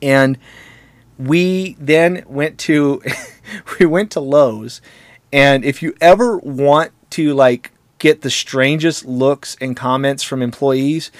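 A man's voice: fairly high pitch, takes it slowly, no room sound, studio quality. A man telling stories in casual conversation, in a jokey, rambling way that often breaks into laughter at his own tales.

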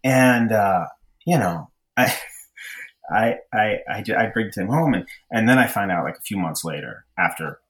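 A young man with a low, deep voice tells a personal story in relaxed conversation. He rambles, restarts his sentences and leans on fillers as he goes. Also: a little slow. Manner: rambling, self-deprecating, frequent fillers and restarts. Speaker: podcast storyteller. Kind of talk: casual storytelling chat.

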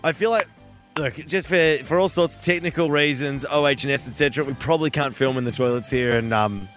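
A man's voice: medium pitch, a little fast, a bit bright, soft background music. A man in his thirties with an Australian accent, hosting a radio show in casual, chatty banter. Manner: chatty, laughing, upbeat. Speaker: radio host.

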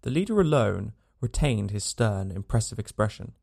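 Male audiobook narrator, strongly gravelly tone, measured and scripted. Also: fairly low pitch, very animated, darkish tone.

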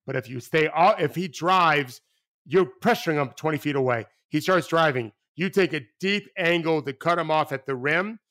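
Rambling, animated man talking basketball. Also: on the high side, normal speed. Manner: animated, rambling, restarts often, swears casually. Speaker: podcast guest, former basketball coach. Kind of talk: casual podcast conversation.

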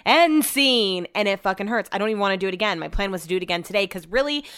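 In an expressive, fairly bright mid-range voice, a young woman talks fast while hosting a podcast upstairs in her home. It's casual chat, with rambling everyday stories and plenty of swearing.

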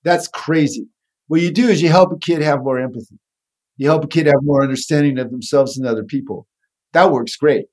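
Man, conversational guest, husky, slightly raised pitch, thoughtful with restarts. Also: brisk, a little mellow. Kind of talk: conversational explanation.

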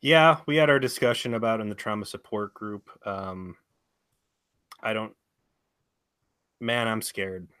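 A man's voice: on the low side, unhurried, pauses often, sharp tone, clear, resonant tone, no echo. A man co-hosting a casual podcast chat, wry and self-mocking, with some swearing. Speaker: podcast co-host.

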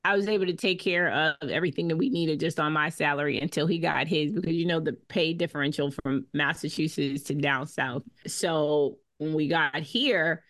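A woman's voice: low voice, fairly even intonation, normal speed, few pauses, fairly bright tone. A woman guest in a podcast interview, talking in an emphatic, self-assured way about her business. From Boston area. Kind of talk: casual interview talk.

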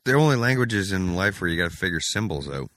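A man chatting on a podcast with brief, easygoing interjections. His voice is very deep with a bright, forceful edge, recorded dry and close. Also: sing-song, fast talker, no room sound. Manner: short reactions, easygoing banter. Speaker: podcast co-host. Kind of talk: casual chat.

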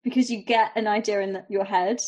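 An English woman with a polished RP accent chats as a guest on a podcast. She is friendly and laughs easily, in a voice of ordinary pitch. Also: fairly even intonation, brisk, a little mellow. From England. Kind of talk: casual interview chat.

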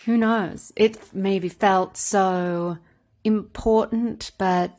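A woman hosting a casual interview, her voice in a middle pitch. She cuts in with light teasing, then drifts into slower, musing follow-up questions. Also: steady tone, a little mellow. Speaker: interviewer, podcast host. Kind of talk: conversational interview.

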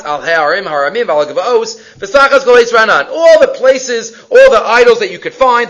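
Animated man teaching Torah, high bright voice, emphatic delivery. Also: muffled recording. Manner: animated, emphatic, mixes Hebrew and English. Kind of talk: Torah class on the weekly portion.

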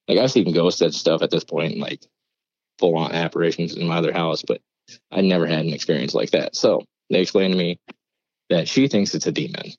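A man's voice: low-pitched, a little fast, a little mellow, no room sound, highs cut off. A man, a podcast guest, telling a story casually with loose swearing and rambling asides. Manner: swears freely, rambling retelling.

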